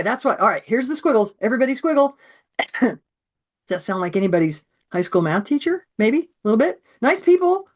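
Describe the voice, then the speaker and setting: A woman with a lowish voice and a sore throat presents a webinar on math education. She is animated and acts out classroom scenes.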